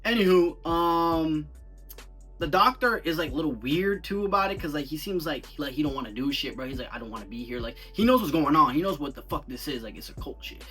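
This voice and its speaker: A young man giving a casual, rambling movie review full of slang, talking in an animated, incredulous way. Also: a little high, fairly quick, recorded from a distance, faint music behind.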